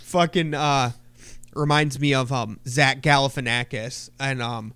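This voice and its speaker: A man's voice: mid-range voice, measured pace, clean tone, dry recording. A man co-hosting a casual podcast, telling stories with lots of swearing. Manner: animated storyteller, swears constantly. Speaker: podcast co-host. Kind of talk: casual chat.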